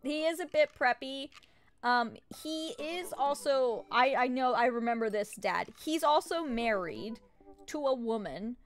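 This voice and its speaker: A woman streamer talking casually while she plays, reading the game text aloud and breaking off for quick asides. Her voice is a touch high, and soft game music plays underneath. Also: expressive. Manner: chatty, reads dialogue aloud with laughs and asides.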